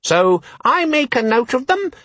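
Tiny gadget demon, very high squeaky voice, chirpy and eager, beeping, storybook. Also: male voice, sing-song, a little slow, a bit bright, dry recording, heavily acted.

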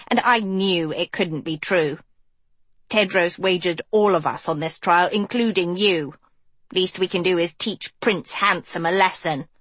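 A woman narrator puts on a nasal schoolboy sidekick, clingy and pushy. He talks up with a wheedling edge in a dry, close audiobook recording. The voice sits slightly higher than her own. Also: a bit bright, no echo. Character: eager nasal boy student, needy sidekick. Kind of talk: audiobook character voice.

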